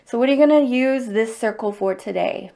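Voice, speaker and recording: A woman's voice: fairly high pitch, a little fast, gravelly, warm tone. A middle-aged woman hosting a livestreamed EFT tapping circle, speaking in a heartfelt, openly emotional and encouraging way. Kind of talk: livestream guided tapping talk.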